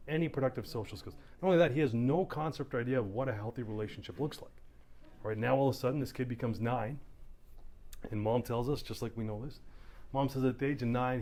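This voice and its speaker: A middle-aged man from Canada, a police officer, telling stories animatedly to a town hall audience. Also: medium pitch. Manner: animated storytelling, acting out voices. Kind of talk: community town hall talk. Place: community hall.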